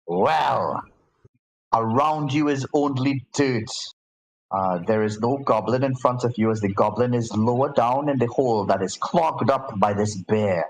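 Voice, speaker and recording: A man's voice: mid-range voice, measured pace, poor audio. A man acting as game master, narrating a tabletop game in a casual way with many fillers and restarts.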